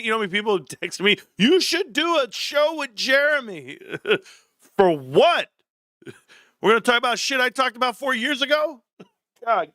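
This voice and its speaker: A man's voice: fairly high pitch, pushed and bright, clear, resonant tone, no room sound, studio quality. A man in his forties hosting a casual livestream rant, joking and mocking with frequent laughs. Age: 40s. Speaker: livestream host.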